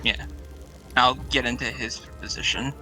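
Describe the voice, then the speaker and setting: A man's voice: medium pitch, little pitch movement, moderate pace, over music, low-quality recording. A man playing in a tabletop game, speaking hesitantly and starting with fillers. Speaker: player. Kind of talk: casual game chat.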